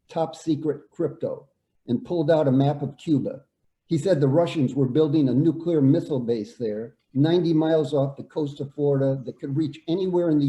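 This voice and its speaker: An older man, a veteran, reading out his own war story in a measured, plain way. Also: fairly high pitch, dark tone. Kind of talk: reading a prepared personal story. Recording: echoey room.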